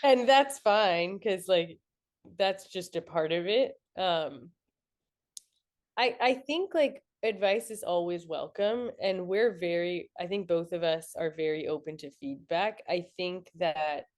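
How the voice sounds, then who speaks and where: Low-voiced young woman, reflective. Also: measured pace, darkish tone. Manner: reflective, frequent "like" fillers. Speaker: entrepreneur guest. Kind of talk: casual podcast interview.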